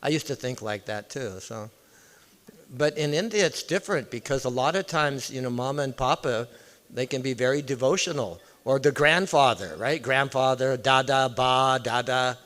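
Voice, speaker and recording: A man's voice: mid-range voice, moderate pace, fairly bright tone. A man giving an informal devotional talk in a temple hall, chatting with and questioning his listeners directly. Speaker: visiting temple speaker.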